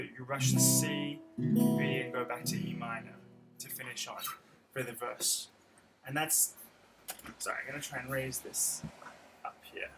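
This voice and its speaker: A man's voice: mid-range voice, rough recording. A man teaching a guitar lesson on a livestream, explaining chords step by step and counting out picking patterns. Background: his own acoustic guitar playing.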